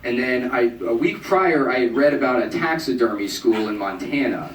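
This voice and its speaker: A man's voice: moderate pace, far from the mic, slight background noise. Young man doing stand-up in a roomy club. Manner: deadpan storytelling, jumps high for quoted voices. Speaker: stand-up comedian. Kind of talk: stand-up set. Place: comedy club stage. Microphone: handheld stage mic, taped from the audience. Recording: roomy bootleg taped from the crowd. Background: crowd laughter.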